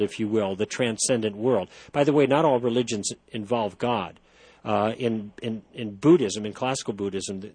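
A man's voice: mid-range voice, darkish tone, husky, dry recording. A man hosting a call-in radio talk show, explaining ideas thoughtfully with frequent restarts.

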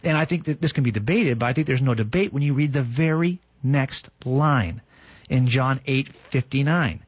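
A man's voice: mid-range voice, normal speed, slightly rough, no echo, highs cut off. A man hosting a talk show about faith, who reads scripture aloud with emphatic, dramatic quotes. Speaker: radio show host.

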